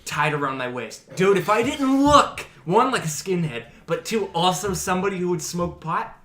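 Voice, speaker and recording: A young man hosting a podcast and telling a story to friends in a casual, animated way, swearing often and acting out what people said. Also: sits high, moderate pace. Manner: animated, swearing, acts out quotes. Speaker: podcast host. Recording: roomy echo.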